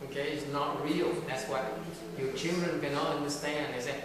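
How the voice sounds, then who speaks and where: A man giving a Buddhist dharma talk, animated, switching between English and Vietnamese and repeating words. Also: on the high side, normal speed. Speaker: Buddhist teacher. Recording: echoey hall, recorded from far off, noisy.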